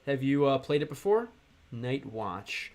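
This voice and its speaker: A young American man chatting on a live stream, reading chat aloud and working through halting Russian with lots of fillers. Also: medium pitch, very animated, a little mellow. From United States.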